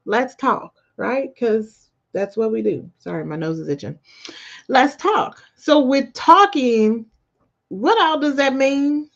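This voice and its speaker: A woman, hosting a podcast and giving a casual, animated motivational talk with quick asides. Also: fairly high pitch, creaky. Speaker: podcast host. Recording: dull lo-fi recording.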